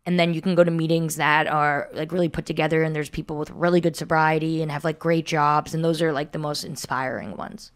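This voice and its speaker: A woman's voice: low-pitched, level tone, brisk, hardly any pauses, clean tone. A young woman, a comedian, telling stories in a casual chat and laughing often. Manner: storytelling, laughs often, many likes. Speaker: comedian guest.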